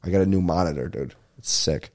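A young man hosting a casual solo podcast, ranting and telling a story in a profane, rambling, animated way. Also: sits low, brisk. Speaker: podcast host. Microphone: podcast microphone at a desk.

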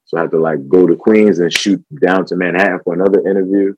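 A man's voice: low-pitched, fairly even intonation, quick pace, darkish tone, no echo, dull audio. A man talking as a podcast guest about his filmmaking, reflective and full of fillers and restarts. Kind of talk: casual conversation.

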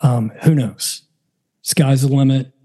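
A man's voice: medium pitch, slow, mellow. A middle-aged man and father hosting his own podcast, talking casually in a self-deprecating, joking, rambling way from his home setup. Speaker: podcast host. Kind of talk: casual solo podcast talk.

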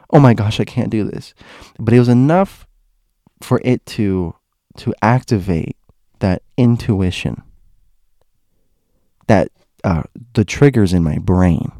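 A man's voice: on the low side, dark tone, dry recording, clean studio sound. A young man casually telling a personal story, rambling with restarts and asides.

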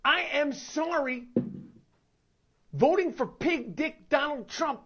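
A woman's voice: high voice, animated, takes it slowly, fairly bright tone, lo-fi sound. A woman in a played clip giving a blunt opinion with apologetic asides.

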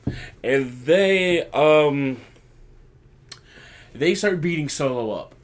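A man's voice: a little high, lively intonation, slow. A young man hosting a casual podcast, chatting through a wrestling recap and acting out lines he quotes. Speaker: podcast host.

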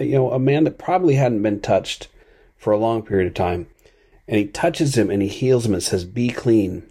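A man hosting a podcast, giving an earnest, thoughtful devotional talk at an unhurried pace. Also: mid-range voice, dark tone, breathy edge.

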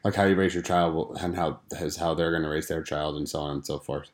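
Deep-voiced man, blunt and calm. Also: brisk. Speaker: podcast co-host, parent. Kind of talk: casual chat.

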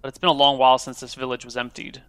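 A man's voice: medium pitch, completely flat delivery, rapid-fire, a bit bright, smooth, no echo. A man narrating a tabletop game as game master, describing scenes in loose, improvised narration.

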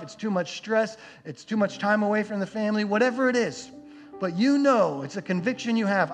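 A man preaching a sermon as pastor, earnest, often repeating words as he builds a point. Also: sits high.

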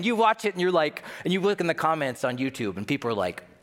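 A man preaching a sermon as pastor, animated, swinging between loud emphatic bursts and hushed low asides. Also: fast talker, hardly any pauses. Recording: long reverb of a large hall.

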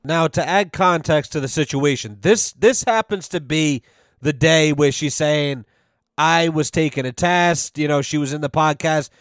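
A man's voice: fairly high pitch, normal speed. A man hosting a casual podcast, telling stories in a sarcastic, profanity-laced way into a podcast microphone. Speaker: podcast host.

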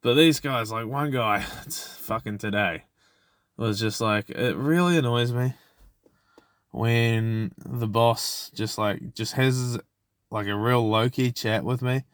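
A man's voice: medium pitch, slow pace, dry recording, clean studio sound. A man, hosting a podcast alone and venting about work in a rambling, profane way. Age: 20s. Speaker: podcast host. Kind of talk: casual solo podcast rant.

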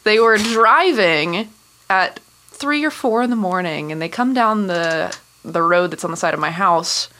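A woman's voice: lowish voice, lively intonation, measured pace, sharp tone. A woman guest telling stories in casual chat, laughing often and filling with "like". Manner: chatty, laughs between lines, says "like" often. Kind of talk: casual storytelling.

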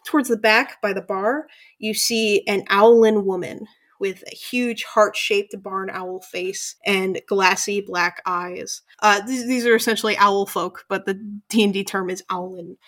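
A woman's voice: medium pitch, steady tone, a little slow, fairly bright tone. A woman running a tabletop game as game master, narrating casually with frequent fillers.

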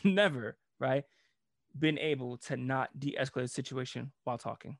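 A man in his thirties, a former police officer, telling a story in casual chat, animated and profane and laughing often. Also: mid-range voice, no room sound, clean studio sound.

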